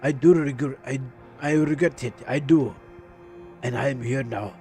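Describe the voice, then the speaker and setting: A man voicing a pleading estranged father in a horror game, speaking softly and hesitantly. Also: mid-range voice, moderate pace, faint music behind, pitched below the performer's own voice, natural voice. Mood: quiet, menacing. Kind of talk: reading horror game dialogue aloud.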